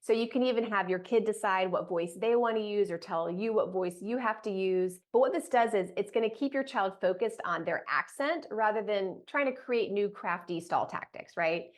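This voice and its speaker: A woman's voice: mid-range voice, normal speed, hardly any pauses. A woman and mother coaching parents on toddler sleep, talking casually to camera with lots of "like" fillers. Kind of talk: direct-to-camera parenting tips.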